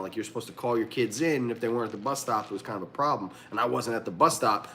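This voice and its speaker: A young man hosting a livestream, telling a story in a casual, animated way, laughing often and acting out what people said. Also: mid-range voice. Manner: animated, laughing often, acts out quoted lines. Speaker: livestream host.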